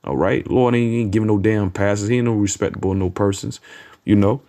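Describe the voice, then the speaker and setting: A man preaching informally from scripture, blunt and profane, often tagging his lines with "man" and "you know what I'm saying," and reading verses slowly with emphasis. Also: on the low side, warm tone. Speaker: street preacher.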